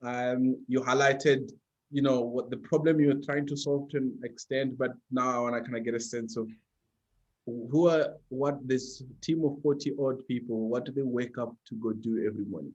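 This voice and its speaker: A male podcast host asks questions, often praising his guest and leaning on fillers. His voice is mid-pitched, and the sound is dull and lo-fi. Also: steady tone, normal speed, darkish tone. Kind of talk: podcast interview.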